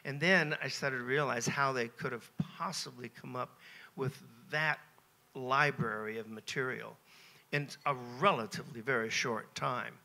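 American guy in his 70s spinning stories at a q&a, real bright edgy tone, chuckles at himself a lot. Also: medium pitch, moderate pace, gravelly. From United States. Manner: lively, self-mocking, chuckles between phrases. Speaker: interview guest. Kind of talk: anecdotal Q&A storytelling. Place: Q&A session on a cruise ship.

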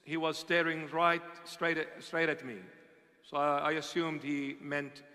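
A man, a bishop, preaching and telling a story in an impassioned way that swings from hushed to loud, recorded with a long hall reverb. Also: fairly high pitch, flat delivery, measured pace. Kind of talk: sermon storytelling.

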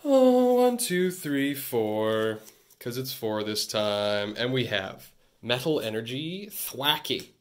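A man from Canada chatting through a casual card-opening vlog, talking close to his phone and cracking jokes between excited outbursts. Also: mid-range voice. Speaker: vlogger. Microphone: phone held close.

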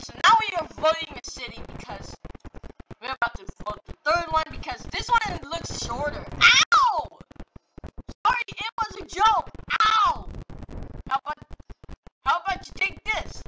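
A woman giving excited commentary on a racing game, yelping, crying out and trash-talking the other racers. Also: sits high, noisy background. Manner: excitable, yelps and cries out, playful trash talk at rivals. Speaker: gaming channel host. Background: loud music.

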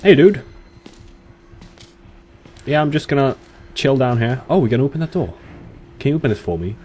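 Quick and lively in intonation, a young man's mid-range, darkish voice carries his jittery horror let's play, full of swearing and remarks to himself and to the game's characters.

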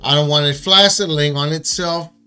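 A man's voice: on the high side, normal speed, sharp tone, clear, resonant tone, soft background music. A man who makes leather goods, chatting casually and joking, turning to address viewers. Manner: joking, talks to viewers directly. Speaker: leather craftsman, show co-host. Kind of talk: casual chat.

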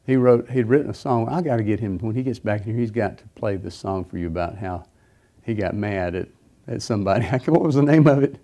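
A middle-aged man delivers a sermon through a long personal story, often pausing on fillers and restarting his sentences. His voice sits low, with a soft, mellow tone. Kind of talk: sermon testimony.

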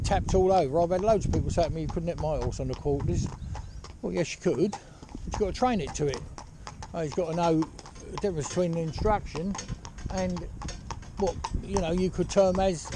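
A man who trains horses, giving casual spoken advice as he drives a carriage, rambling along with "you know" and "yeah?". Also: high voice. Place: outdoors on a horse-drawn carriage. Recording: outdoor noise with hoof clip-clop.

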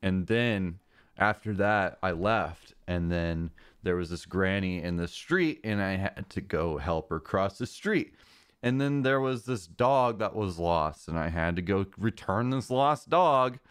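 Young guy streamer, deadpan and rambly, smooth voice, takes his time. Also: sits low, a little slow. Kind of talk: casual gameplay chat.

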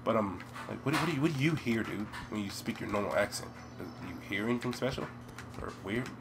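A young American man with an American accent, chatting and rambling while playing a video game, breaking into loud yelps. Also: lowish voice, fast talker, creaky, noisy background. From United States. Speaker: let's play gamer. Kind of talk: game commentary.

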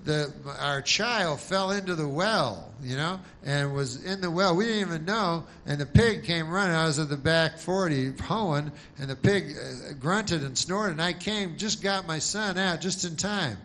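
A man's voice: on the high side, a little slow, hardly any pauses, a little hiss or hum, voice pushed up. A man voicing a proud rural farmer who brags insistently about his pig. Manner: excited, insistent storytelling.

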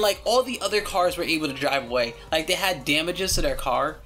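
Young dude rambling a story for his channel, bright voice, swears casually. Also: fairly high pitch, animated, a little fast, hardly any pauses. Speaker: channel host telling a story.

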